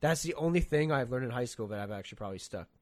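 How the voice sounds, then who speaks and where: Young man, casual podcast chat, animated storyteller, swears freely, loud acted-out quotes. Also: medium pitch, very fast.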